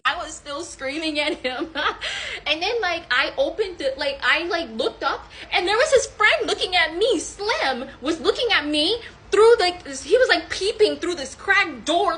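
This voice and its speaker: A young woman telling a casual storytime monologue in colloquial speech, very animated and expressive, with loud outbursts and laughter. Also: extremely high pitch, moderate pace, a little hiss or hum. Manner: colloquial speech with many fillers.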